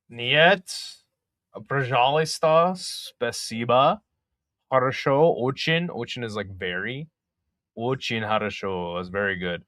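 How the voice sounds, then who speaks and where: A man's voice: mid-range voice, fairly bright tone, no room sound, studio quality. A young man hosting a casual live fight companion stream, chatting with viewers between calls of the action and swearing freely. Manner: chatty, swears, reads chat aloud.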